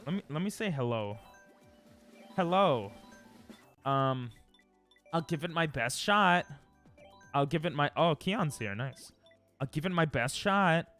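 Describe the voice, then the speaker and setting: A man streaming live, chatting casually and playfully with his viewers, with sudden loud bursts. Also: on the high side. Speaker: livestreamer.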